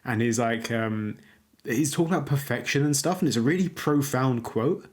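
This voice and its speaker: Young dude rambling on a podcast, lots of likes and ums, laughs a bunch, middle pitch. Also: male voice, normal speed. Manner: laughs often, rambling with many fillers. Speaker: podcast co-host. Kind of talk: casual chat.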